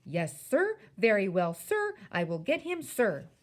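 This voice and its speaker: A woman's voice: mid-range voice, wildly swooping pitch, a little slow. A woman reading aloud, voicing a flustered, self-important father who grows deferential on the phone.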